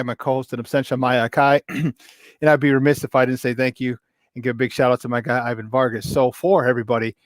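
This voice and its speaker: A chummy male sports talk host signing off the show with plenty of shout-outs. His voice sits in a middle register and comes through a dry, close mic with no room sound. He talks loosely, repeating himself and adding fillers as he goes. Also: mid-range voice, no echo. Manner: upbeat, chummy, thanks guests and plugs the app.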